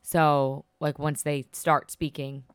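A woman's voice: deep voice, little pitch movement, clear, resonant tone, no echo, studio quality. A young woman co-hosting a podcast, chatty and teasing in casual banter. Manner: chatty, teasing, quick to laugh. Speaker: podcast co-host.

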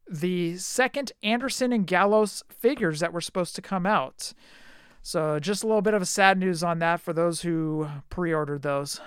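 A man's voice: high voice, clear, resonant tone, no echo, clean studio sound. A man co-hosting a podcast, chatting casually and teasingly about collectible figure news. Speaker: podcast co-host.

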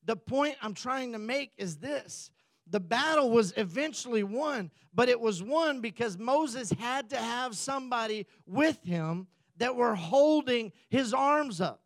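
A pastor delivering a sermon, a man who tells the story with easy jokes and asides. His voice sits high for a man. The sound is dry, with little room around it. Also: lively intonation, a little slow, dry recording. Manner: joking, conversational storytelling.

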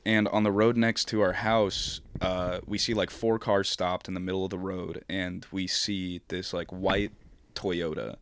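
A young man with a very low, deep voice tells a rambling story on a casual podcast. He swears freely, strings thoughts together with "like", and trails off mid-sentence before picking the thread back up. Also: level tone, measured pace, clear, resonant tone, no room sound. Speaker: podcast co-host telling a story.

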